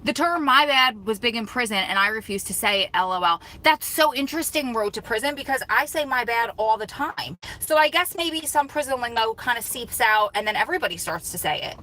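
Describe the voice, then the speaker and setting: A woman's voice: a little high, fairly quick, hardly any pauses, low-quality recording. A young woman hosting a casual livestream, chatting animatedly, telling stories and reading comments. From United States. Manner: chatty, animated storytelling, laughs often. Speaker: vlog host.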